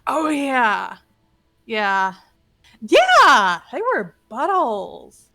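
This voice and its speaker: A woman player telling a tabletop game recap in casual chat, lively and swearing freely. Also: medium pitch, moderate pace, soft background music.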